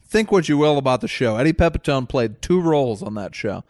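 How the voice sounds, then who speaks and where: A man's voice: mid-range voice, expressive, fairly quick, darkish tone, no echo, studio quality. A man telling stories in casual chat, rambling and self-deprecating.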